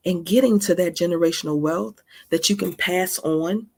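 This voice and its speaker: Woman, 40s, faith podcast host, candid testimony, conversational, gravelly fry. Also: on the low side, normal speed, darkish tone. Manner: earnest and conversational, often asks "right?".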